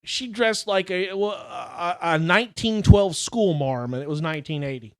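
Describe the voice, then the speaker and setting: A middle-aged man telling childhood stories in casual chat, animated, exaggerating for laughs and swearing freely. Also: sits high, normal speed, no echo, clean studio sound. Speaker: podcast co-host.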